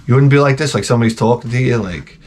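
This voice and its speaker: A middle-aged man hosting a casual show, telling rambling, profane stories and jumping into loud, high-pitched exclamations when he quotes himself. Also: rapid-fire, slight background noise. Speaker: host. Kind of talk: casual storytelling rant.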